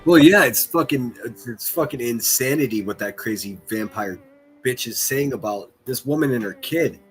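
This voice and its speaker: A man's voice: medium pitch, animated, moderate pace, soft background music. A man hosting a stream, ranting crudely and mocking people in exasperated bursts. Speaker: streamer host.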